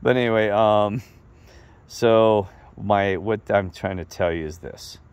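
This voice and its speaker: A middle-aged man telling a rambling, animated story in a casual monologue to his viewers. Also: lowish voice, slow, clean tone, no room sound. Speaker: vlogger.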